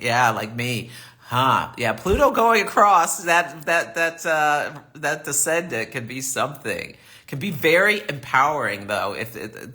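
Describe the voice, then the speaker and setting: Answering viewer comments during a live-stream astrology reading, this man stays chatty and affirming. His voice sits at medium pitch and sounds pushed and bright.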